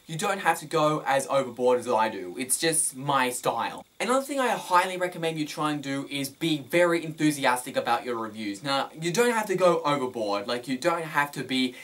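A man's voice: mid-range voice, expressive, brisk, hardly any pauses, fairly bright tone. A man giving casual advice in a vlog, talking with energy and emphasizing his words, recorded in his bedroom. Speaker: film review vlogger.

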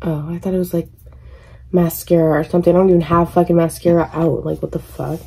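A young woman's low, gravelly voice, warm with a breathy edge, moves quickly with little pitch variation. She's chatting her way through her morning routine in a rambling get-ready-with-me vlog, swearing occasionally, filmed on a tripod camera in her bedroom at home. The recording quality is low.

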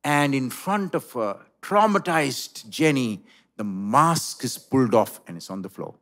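A man's voice: mid-range voice, animated, measured pace, a bit bright. A male pastor preaching a sermon in a church, telling a story dramatically.

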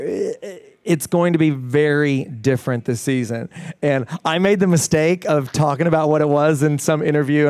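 A middle-aged man as the guest in a casual interview, talking with animated enthusiasm and many fillers and restarts. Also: fairly high pitch, no echo, studio quality. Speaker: fitness trainer guest.

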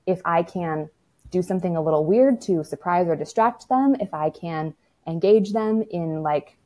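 A woman's voice: lowish voice, moderate pace, mellow. A woman speaking as a toddler-parenting expert in a casual podcast conversation, frank and matter-of-fact, with lots of "like" and the odd swear word.

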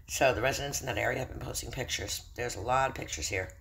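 Middle-aged male host, mid-pitched and gravelly, news read-through with commentary, trips over and spells out place names. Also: quick pace, few pauses, fairly bright tone. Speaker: Christian video host. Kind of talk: reading news aloud with personal commentary. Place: room in a house. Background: faint background noise.

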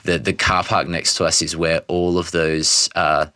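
A man's voice: low-pitched, level tone, normal speed, pushed and bright, smooth, no echo, studio quality. A man, chatting casually as a musician guest, rambling and swearing with lots of fillers. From Australia. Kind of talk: casual podcast chat.

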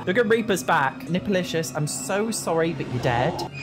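A man giving excitable, dramatic let's play commentary, cheeky and quick to laugh and swear. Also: a little high, music in the background. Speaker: gaming video creator.

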